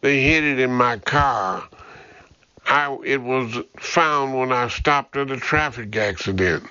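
A man's voice: mid-range voice, takes it slowly, bright, forceful tone, smooth, dry recording, dull audio. A man voicing a determined female ex-cop who pleads her case steadily and earnestly.

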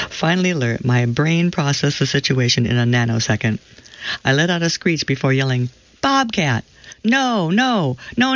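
Female reader for an audio reading service, expressive storytelling delivery, slightly muffled recording. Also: a bass voice. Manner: expressive, slows down over descriptive lists. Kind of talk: reading a personal story aloud.

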